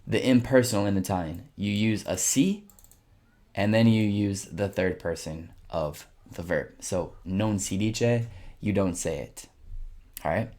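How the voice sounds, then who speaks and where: A man teaching Italian in a casual lesson, explaining slowly and repeating phrases for learners. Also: fairly low pitch, darkish tone.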